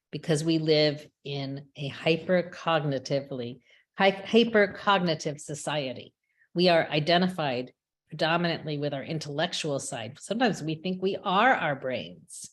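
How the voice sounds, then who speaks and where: Woman, low voice, measured reflective reading, webinar talk. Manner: measured, reflective delivery with small restarts. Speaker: rabbi and chaplain speaker. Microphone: webinar microphone.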